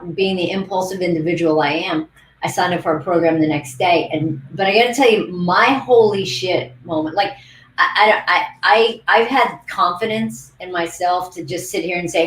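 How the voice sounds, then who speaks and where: Lively storytelling woman, lowish voice. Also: fairly quick, reverberant, slight background noise, low-quality recording. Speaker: coach and co-host. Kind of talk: casual livestream chat. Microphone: video call.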